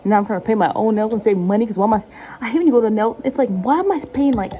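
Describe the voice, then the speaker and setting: A young woman talks casually to her camera while she cooks in her kitchen at home. Her voice is mellow and warm. She rambles and jokes, often at her own expense. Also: on the high side, rapid-fire, slight background noise. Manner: rambling, jokey, self-mocking. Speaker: vlogger. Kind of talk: casual chat while cooking.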